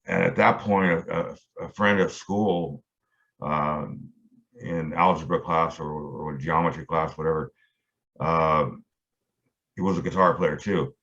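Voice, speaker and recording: Low-voiced man rambling through a story. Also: steady tone, measured pace, fairly bright tone. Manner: rambling, many fillers and restarts. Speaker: guitarist guest. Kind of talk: casual storytelling interview. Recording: dull lo-fi audio.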